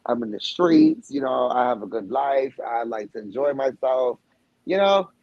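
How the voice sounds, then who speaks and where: A man's voice: mid-range voice, expressive, normal speed, darkish tone, no echo, lo-fi sound. A man with a Boston accent talking casually as a guest, rambling with lots of swearing and restarts. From Boston area. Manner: loose, rambling, heavy swearing, many restarts. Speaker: guest, former reality show cast member. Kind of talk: casual profane chat.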